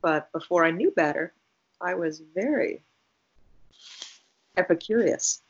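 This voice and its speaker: A woman's voice: on the low side, lively intonation, normal speed. A woman co-hosting a podcast, telling rambling everyday stories in a casual chat and laughing often. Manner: rambling storyteller, laughs a lot. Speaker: podcast co-host. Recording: dull lo-fi sound.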